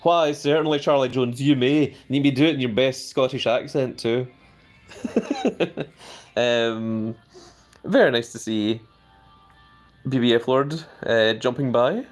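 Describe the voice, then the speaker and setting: A man hosting a live stream. He chats casually, fills his talk with hedges, and his pitch jumps up whenever he reads out viewer comments. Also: fairly even intonation, measured pace, long pauses, faint music behind. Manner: hedging with many fillers.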